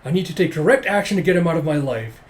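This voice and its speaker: A man voicing a jealous, scheming male hospital doctor, loud and indignant. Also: a little high, expressive, racing, natural voice. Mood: fed up.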